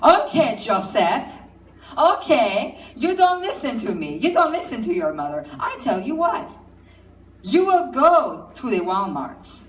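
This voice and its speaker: A woman's voice: on the high side, very animated, measured pace. A woman voicing a fretful, overprotective middle-aged mother who speaks in a sing-song, repetitive way, heard from far off in an echoey room. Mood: ominous.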